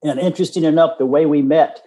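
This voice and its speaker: Earnest older man with a mellow voice. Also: on the high side, steady tone, fast. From Texas. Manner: earnest, folksy, acts out quoted voices. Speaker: guest. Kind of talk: casual storytelling.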